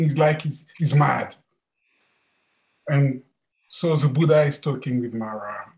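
Unhurried, hesitant male storyteller. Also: medium pitch, gravelly, a little mellow. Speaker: participant telling a story. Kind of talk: casual storytelling.

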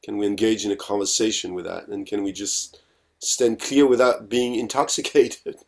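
Thoughtful male group facilitator, low voice. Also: steady tone, normal speed. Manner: thoughtful, questioning. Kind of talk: reflective group discussion.

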